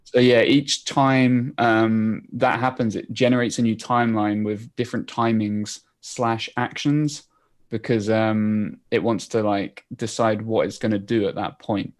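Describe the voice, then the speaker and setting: A man's voice: on the low side, steady tone, unhurried. A man appearing as a guest developer, explaining his coding demos in a casual, rambling way. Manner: rambling, many fillers and restarts.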